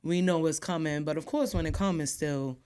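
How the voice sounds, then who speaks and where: A woman who is a podcast guest, telling a personal story in a casual way, acting out what people said and often trailing off softly. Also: low voice, fairly quick, clean tone.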